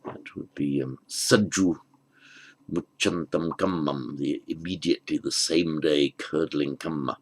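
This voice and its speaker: Low-voiced guy going through a text word by word, real slow and patient. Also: steady tone, poor audio. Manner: recites the verse slowly. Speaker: Pali language teacher. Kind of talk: unhurried lesson on a verse.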